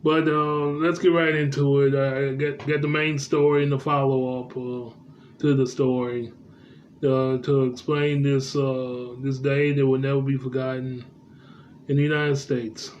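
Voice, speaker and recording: A man's voice: medium pitch, level tone. A man vlogging the news, stumbling through reports with many fillers and restarts. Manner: halting, heavy with uh fillers and restarts. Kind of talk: casual news commentary, reading reports aloud. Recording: dull lo-fi sound, faint background noise.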